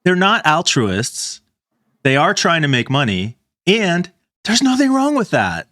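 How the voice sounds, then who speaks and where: A man's voice: on the high side, very animated, measured pace, sharp tone, no echo, clean studio sound. A man co-hosting a podcast, laying out news in a matter-of-fact way. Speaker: podcast co-host. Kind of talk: casual chat.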